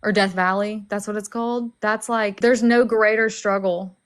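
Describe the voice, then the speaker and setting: A young woman from Alabama with a light Southern accent that sounds almost Californian, chatting fast and bubbly on a family livestream. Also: medium pitch, fairly even intonation, clean tone. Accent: light Southern, mostly Californian-sounding. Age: young adult. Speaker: paralegal guest. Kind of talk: casual livestream chat.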